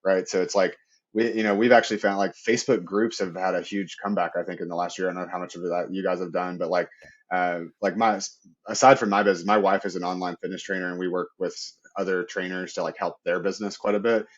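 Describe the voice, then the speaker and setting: A man's voice: low-pitched, little pitch movement, fast, lo-fi sound. A man speaking as a podcast guest in a loose, chatty way, leaning on "like" and tagging "right?" onto his points. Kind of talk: casual interview talk.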